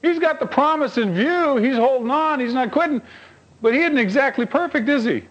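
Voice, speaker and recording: Animated high-voiced male preacher. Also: normal speed, muffled recording. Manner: animated storytelling, rhetorical questions to the congregation; swings between high emphatic lines and low quiet asides. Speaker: pastor. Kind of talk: sermon.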